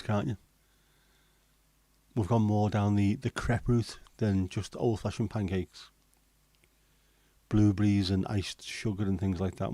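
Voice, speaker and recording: A middle-aged man, hosting a relaxed livestream and chatting with viewers in a jokey, rambling way. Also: lowish voice, no room sound. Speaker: livestream host. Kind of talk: casual chat reading viewer comments.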